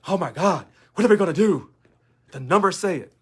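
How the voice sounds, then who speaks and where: A man's voice: high voice, expressive, a little fast, husky. A man, a union local leader, talking in a sarcastic monologue full of rhetorical questions. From United States. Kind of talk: casual monologue video.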